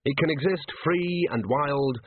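Husky male narrator, tinny sound. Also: fairly high pitch, measured pace, dry recording. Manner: lively, expressive reading. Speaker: audiobook narrator. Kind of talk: scripted narration. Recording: tinny dry phone-like sound.

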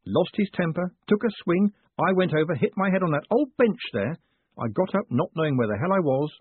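A man voicing a smooth-talking, cocky young con man who is glib and persuasive. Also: fairly high pitch, lively intonation, fairly quick, dry recording, pitched above the performer's own voice. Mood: smug. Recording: phone-like dry audiobook sound.

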